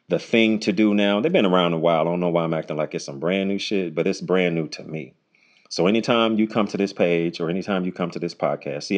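A man hosting his own unscripted solo podcast, talking bluntly and casually with lots of swearing, his voice jumping high when he jokes. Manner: voice jumps high when joking. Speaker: podcast host. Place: home recording, unedited.

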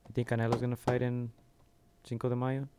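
A man's voice: mid-range voice, monotone, noisy background. A man hosting a boxing podcast in casual chat, easygoing, with lots of ums and easy laughs. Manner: easygoing, fills pauses with um, laughs easily. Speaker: podcast host.

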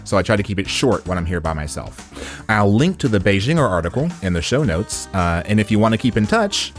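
Teaching Mandarin slang on his solo podcast, a lowish-voiced man whose first language is English keeps things playful and chatty, with jokes and rhetorical questions.

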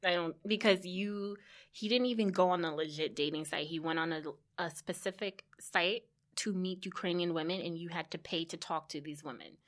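A woman's voice: lowish voice, steady tone, normal speed. Blunt gossiping woman co-host. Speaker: podcast co-host. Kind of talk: casual chat.

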